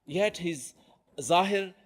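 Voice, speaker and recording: A man's voice: high-pitched, slow pace. A man giving a Friday sermon as a preacher, telling a story animatedly and often checking in with "okay?".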